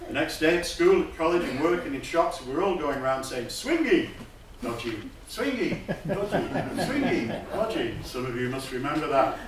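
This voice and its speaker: A man's voice: mid-range voice, recorded from a distance, slight background noise. Playful man giving a keynote in an echoey hall. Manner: lively, playful, uses hip slang. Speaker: keynote speaker. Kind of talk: lecture.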